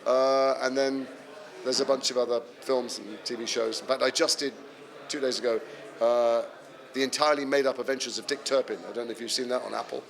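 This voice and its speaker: English male actor at a convention Q&A, animated anecdotal storyteller with dry self-deprecating humour, mid-pitched natural voice. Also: brisk, creaky. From England. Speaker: actor answering fan questions. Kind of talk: convention panel Q&A.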